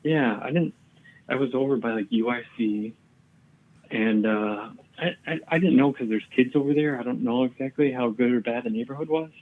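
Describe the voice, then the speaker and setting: A man's voice: medium pitch, normal speed, narrow, tinny audio, a little hiss or hum. A man, a comedian guest, telling rambling stories in casual chat and swearing often.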